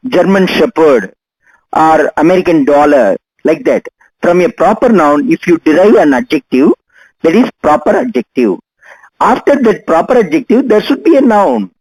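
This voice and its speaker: An older man, teaching a grammar lesson patiently and repeating each example slowly. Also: on the high side, darkish tone, husky, no echo, low-quality recording. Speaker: English teacher.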